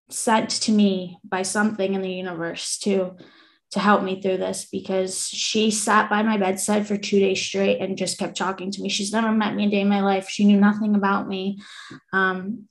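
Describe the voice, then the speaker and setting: A woman's voice: mid-range voice, vocal fry. A woman in her twenties, a podcast guest, telling a personal story in an earnest way, laughing now and then between lines. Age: 20s. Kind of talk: casual storytelling.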